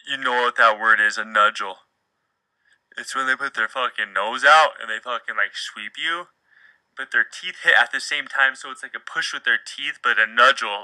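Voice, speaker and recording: Bright, profane young man podcasting. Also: medium pitch, dry recording, poor audio. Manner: profane, rambling and jokey. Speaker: podcast host. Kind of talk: casual solo podcast storytelling.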